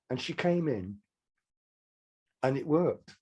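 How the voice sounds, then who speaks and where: Brief: older man, husky voice, frank storyteller who restarts his sentences. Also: mid-range voice, moderate pace, warm tone. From Manchester, England. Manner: rambling anecdotes with restarts, frank. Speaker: songwriter guest. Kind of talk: casual interview storytelling.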